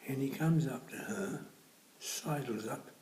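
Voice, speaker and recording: A man's voice: medium pitch, a little slow, darkish tone, a little hiss or hum. Man telling comic anecdotes in an echoey room. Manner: dry storytelling that drops to a near-whisper. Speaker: comedian. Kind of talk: comic storytelling.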